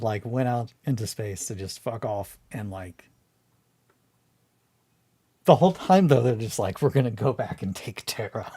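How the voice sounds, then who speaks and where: A man hosting a hobby video, talking in a casual, rambling way, swearing freely and trying to calm down from a bad mood. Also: mid-range voice. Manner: excitable, rambling, swears freely, restarts often.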